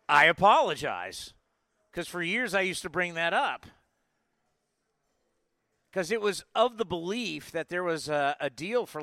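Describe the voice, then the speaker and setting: A man in his forties hosting a live sports talk show, talking in an energetic, rambling way with lots of asides. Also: a little high, no echo. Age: 40s. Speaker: sports podcast host.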